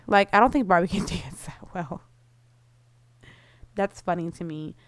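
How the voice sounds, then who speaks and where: A woman's voice: fairly low pitch, unhurried, long pauses, no echo. A woman giving casual, bubbly commentary over her life-simulation gameplay, full of "like" fillers. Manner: chatty, bubbly, lots of "like" fillers.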